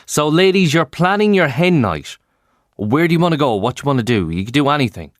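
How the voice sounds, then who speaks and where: A man presenting a breakfast radio show in a chatty, animated way. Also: on the high side, a little fast, dry recording, clean studio sound. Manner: chatty, animated, asides and fillers.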